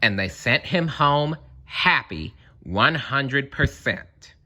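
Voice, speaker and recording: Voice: mid-range voice, lively intonation, takes it slowly, sharp tone. A storyteller reading a rhyming children's story aloud in a sing-song manner.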